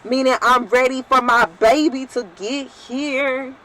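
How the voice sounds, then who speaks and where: A young adult woman talking casually to her viewers in a vlog, rambling, loose and excitable, with some swearing. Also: high voice, unhurried, hardly any pauses, rough recording. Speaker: vlogger.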